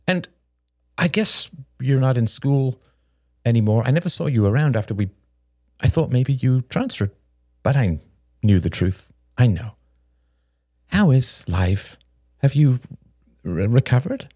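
A man's voice: mid-range voice, expressive, warm tone, breathy edge, no echo, pitched below the performer's own voice. Brief: subdued, hesitant young man in an audiobook, dry close sound, as a male reader voices him. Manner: halting, hesitant. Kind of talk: audiobook character reading.

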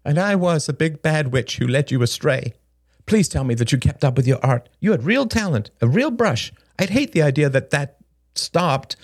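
A man's voice: fairly high pitch, animated, dry recording, clean studio sound. A man voicing a jittery, sardonic young woman. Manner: rapid, restless, sardonic rambling. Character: jittery, brash young woman with a sharp tongue. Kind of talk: audiobook character reading.

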